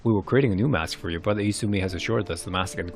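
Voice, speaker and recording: A man voicing a grave male elder in a game cutscene, explaining in a measured, halting way. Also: fairly low pitch, soft background music, natural voice. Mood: solemn. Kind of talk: narrated game cutscene reading.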